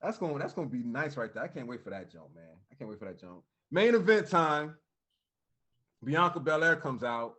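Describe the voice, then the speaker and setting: A man co-hosting a wrestling podcast, recapping the show in casual, animated chat and acting out quotes. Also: a little high, fairly quick. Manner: animated storytelling with laughs and quoted voices.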